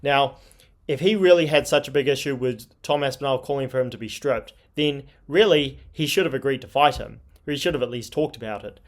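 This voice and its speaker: Brisk and mid-range, a man runs an MMA commentary channel and sounds indignant and scornful. He reads tweets aloud as part of his opinionated commentary.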